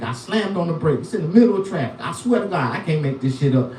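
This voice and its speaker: Man, middle-aged, stand-up comedian, high animated voice, profane storyteller, echoey live venue. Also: fast talker, a little hiss or hum. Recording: echoey room, from far off.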